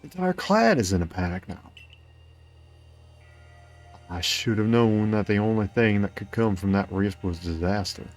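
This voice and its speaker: A man's voice: lowish voice, expressive, moderate pace, long pauses, soft background music, close to an everyday voice. A man putting on a drawling game clan member. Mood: earnest. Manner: put-on drawl sliding between cowboy and Australian. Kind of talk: reading game dialogue aloud.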